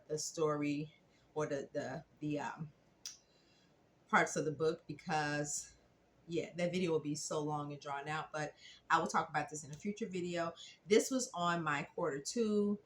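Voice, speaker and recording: A woman's voice: deep voice, a bit bright, a little hiss or hum. A woman talking through her reading list for the season in a casual, chatty way, with many fillers and restarts. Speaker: book reviewer. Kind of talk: casual book-list vlog.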